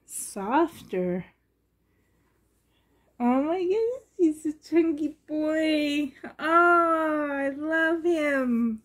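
A woman's voice: high-pitched, very slow. A woman collector gushing with delight as she unboxes reborn dolls for a vlog.

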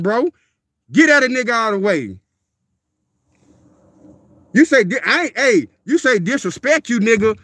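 A man, speaking very high for a man, rants on a livestream. He is blunt and profane, hammering the same lines over and over. The sound is dry and close, with no room echo. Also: a bit bright. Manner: profane, confrontational, repeats himself. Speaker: dog breeder and livestreamer. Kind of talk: livestream rant.

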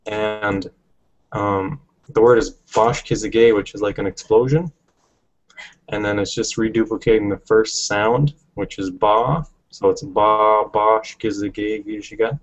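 Man, language teacher, lowish voice, patient, step-by-step explanations, muffled lo-fi sound. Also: unhurried. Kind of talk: relaxed language lesson.

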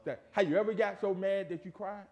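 A man preaching a sermon in a church, emphatic and full of rhetorical questions, dropping from loud to hushed. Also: high voice, fairly even intonation, a little fast, creaky, dull audio. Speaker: pastor. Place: church sanctuary.

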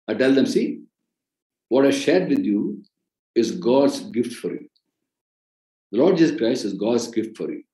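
A man's voice: mid-range voice, warm tone, echoey room, low-quality recording. A man with an Indian accent preaching in an earnest way, repeating key phrases for emphasis. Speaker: ministry president and preacher. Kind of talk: sermon-style teaching on a podcast.

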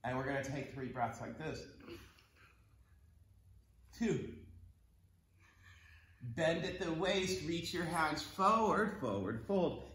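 A man's voice: a little high, expressive, slow pace, long pauses, a bit bright, echoey room. A man leading a kids yoga class at home, encouraging and playful as he counts the breaths. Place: home room.

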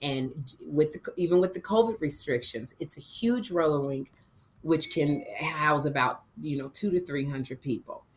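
A woman co-hosting a casual comedy livestream, telling a story in an animated way and acting out other people's voices. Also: low-pitched, normal speed. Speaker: co-host.

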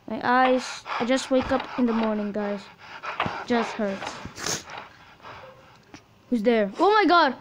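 A woman giving excitable reaction commentary full of gasping exclamations while watching a video. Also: fairly high pitch, takes it slowly, long pauses, noisy background. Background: loud music from the watched video.

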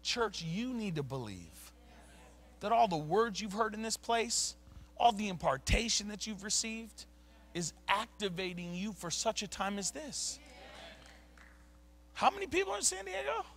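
A pastor with a high, slightly bright voice and lively intonation preaches unhurriedly in a church sanctuary. He's emphatic and conversational, dropping casual slang between points.

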